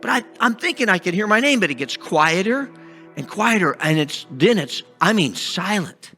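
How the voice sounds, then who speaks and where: A man acting out a scheming blind beggar in a first-person sermon monologue, halting and restarting often, with faint music behind him. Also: sits high, very animated, heavily acted. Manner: halting with many restarts, shouting out pleas. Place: church sanctuary.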